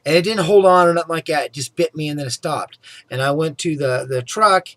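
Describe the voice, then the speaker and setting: A man's voice: fairly high pitch, a little fast, fairly bright tone, no room sound. A middle-aged man telling a personal story in a casual, rambling way, often saying "anyway" and "okay?". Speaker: vlogger.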